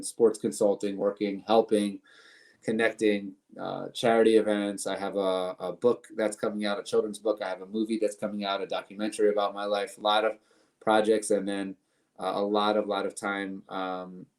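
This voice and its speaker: Low, flat-voiced man in earnest interview. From United States. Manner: earnest, piles up long lists and repeats words. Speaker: guest, company co-founder. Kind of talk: casual interview.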